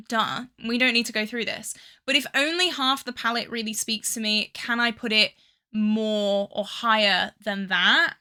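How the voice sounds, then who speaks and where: A young woman from England with a Midlands accent and a hint of Scouse talks through makeup in a loose, chatty way, second-guessing herself often. Her voice sits fairly high and sounds bright and sharp. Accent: English Midlands with a hint of Scouse. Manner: chatty and indecisive, with many fillers and dramatic sighs over choices. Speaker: beauty vlogger. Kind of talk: casual product review chat.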